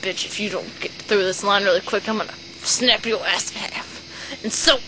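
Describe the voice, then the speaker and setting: A woman's voice: mid-range voice, moderate pace, lightly acted. A woman playing a foul-mouthed, bossy young shopper who rants and swears constantly in an amateur sketch. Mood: ranting. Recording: noisy home recording.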